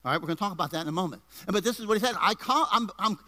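A male pastor delivering an energetic sermon in a church. His voice sits high and sounds bright and forceful, climbing with emphasis. He throws in asides and jokes to the people in the pews. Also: very fast. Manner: energetic preaching with rising emphasis and jokes to the congregation. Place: church before a congregation.

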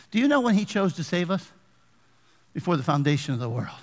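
A man preaching in a high, lively voice that swoops up and down. He keeps firing questions at the congregation and reads scripture aloud. His voice rings out in a church with a long echo. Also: a little fast. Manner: animated preaching with call-and-response questions to the congregation. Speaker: pastor. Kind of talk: sermon. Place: church sanctuary.

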